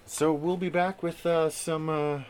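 A man co-hosting a podcast in casual chat, talking in a chatty, self-deprecating way with halting restarts. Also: on the high side, level tone, over music. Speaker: podcast co-host.

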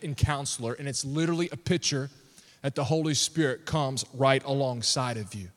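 A pastor, preaching a sermon with animated storytelling and laughter. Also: male voice, a little high. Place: church hall. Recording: long reverb of a church hall.

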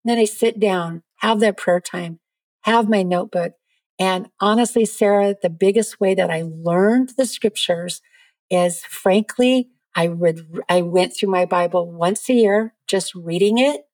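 A woman's voice: mid-range voice, measured pace, dry recording. Earnest woman telling faith stories. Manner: earnest, lively storyteller. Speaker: guest. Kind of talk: faith testimony in a podcast interview.

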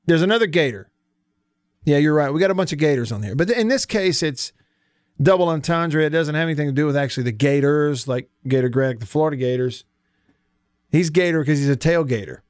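A man's voice: on the high side, expressive, fairly quick, clear, resonant tone, no echo. A man hosting a casual sports talk radio show, with a Southern accent, folksy and chatty as he reads listener texts. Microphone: studio mic. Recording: dry studio sound.

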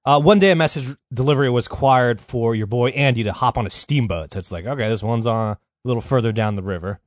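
A man's voice: medium pitch, fast, dry recording, clean studio sound. A man hosting a podcast, telling a history story in a loose, profane, rambling way with lots of fillers. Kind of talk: casual comedic storytelling.

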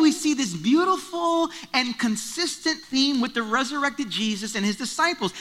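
A man's voice: extremely high pitch, pushed and bright. A man preaching a sermon, retelling a story in a conversational way and driving points home through repetition. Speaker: pastor.

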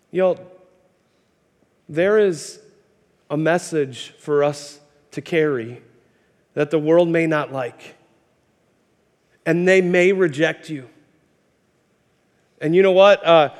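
A male pastor in his thirties preaching a sermon, impassioned and storytelling, stumbling over repeated words as he builds up. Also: sits high. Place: church sanctuary. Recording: hall reverb.

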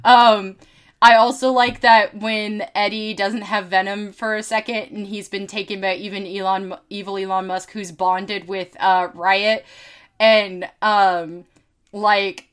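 A woman's voice: mid-range voice, level tone, unhurried, a bit bright, clean tone. A woman co-hosting a podcast in casual chat, giggling, swearing freely and acting out lines from a movie. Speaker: podcast co-host.

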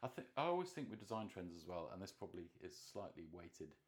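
A man's voice: sits low, very animated, fast. A man co-hosting a podcast, easygoing and enthusiastic in casual conversation. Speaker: podcast co-host. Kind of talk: casual design chat.

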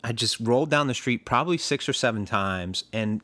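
A man's voice: mid-range voice, expressive, fairly quick, pushed and bright. Chuckling man telling a rambling story. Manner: chuckling, rambling with many fillers. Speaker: podcast storyteller. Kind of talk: casual storytelling chat.

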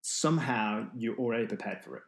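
A man's voice: on the low side, animated, fairly quick, gravelly. A man who is an endurance runner, telling a story as an interview guest, rambling with many restarts. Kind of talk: storytelling in conversation.

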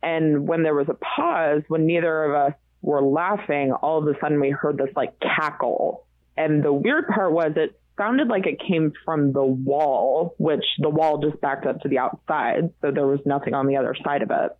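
A woman's voice: deep voice, moderate pace, no room sound. Woman guest, chatty storyteller, laughs easily; tinny, dry phone-like sound. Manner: lively, laughs often, fillers like "like" and "um". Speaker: guest telling ghost stories. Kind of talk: casual storytelling.

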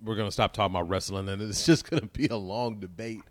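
A man's voice: lowish voice, fairly even intonation, quick pace, dry recording. A man guesting on a casual podcast chat, joking and laughing often.

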